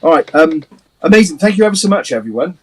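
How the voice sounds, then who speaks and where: A man's voice: on the high side, big pitch swings, quick pace, a little hiss or hum, rough recording. A man from a band, chatting casually on a livestream, rambling, laughing often and swearing a little. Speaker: band member hosting a livestream. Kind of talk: casual chat.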